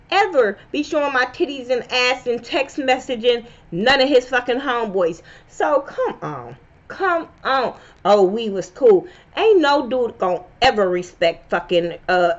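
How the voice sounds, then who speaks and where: A woman's voice: on the high side, expressive, unhurried. Profane, blunt woman ranting. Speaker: reality TV review vlogger. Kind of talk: casual opinion vlog. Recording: slightly dull lo-fi sound.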